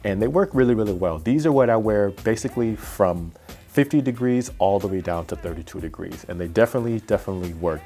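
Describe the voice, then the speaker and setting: A cycling vlogger with a lowish, warm voice talks fast and animatedly through a casual gear review over soft background music. He rambles, pokes fun at himself, and uses plenty of fillers.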